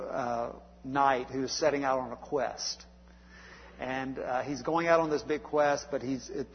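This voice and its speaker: A man's voice: mid-range voice, dull audio, slight background noise. Man preaching in a reverberant hall. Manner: conversational preaching with frequent uhs and restarts. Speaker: pastor. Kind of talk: sermon.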